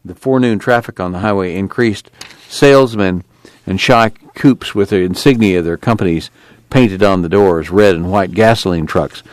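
A man narrating an audiobook in a steady, plain storytelling manner. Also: low-pitched, moderate pace, dry recording. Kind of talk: scripted narration.

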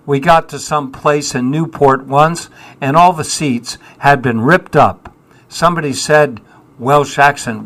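Older man, 70s, musician guest: slow and deliberate, dry, self-mocking, reflective. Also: on the high side, fairly bright tone. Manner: wry, self-deprecating, dry humour. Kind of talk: reflective interview answers.

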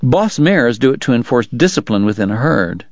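A man reading a novel aloud in measured storytelling narration. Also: medium pitch, very animated, a little mellow, dry recording, lo-fi sound. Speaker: audiobook narrator. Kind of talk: scripted narration.

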